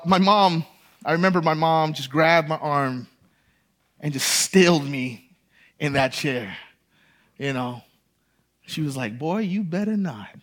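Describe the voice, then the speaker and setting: A man in young adulthood delivers a sermon from the pulpit, with a notably high-pitched voice. He moves between quiet storytelling and rising, impassioned emphasis. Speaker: pastor.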